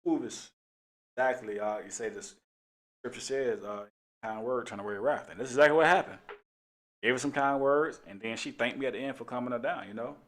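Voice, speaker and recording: A man's voice: medium pitch, brisk, fairly bright tone. Laid-back man telling a story with laughs. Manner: laid-back, laughs often, Southern US slang. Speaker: police officer and show host. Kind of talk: casual storytelling to callers.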